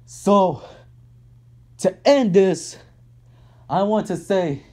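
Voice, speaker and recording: An angry man delivers a sports rant, his voice dark and mellow even as he swears at every turn. He circles back to the same complaints again and again, heated and blunt. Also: high-pitched, extremely slow. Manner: heated, swearing, repeats himself. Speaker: vlogger ranting about his basketball team.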